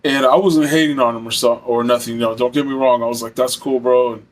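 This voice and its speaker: A man's voice: mid-range voice, fairly even intonation, fast. A young man telling a personal story in a casual, rambling way, full of fillers and swearing. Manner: rambling, heavy fillers, profane.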